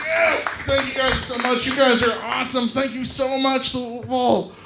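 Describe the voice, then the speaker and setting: A man doing a stand-up comedy set on a club stage, loud and animated as he acts out the people in his stories. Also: very high-pitched, measured pace, gravelly, echoey room, over a noisy crowd, very noisy.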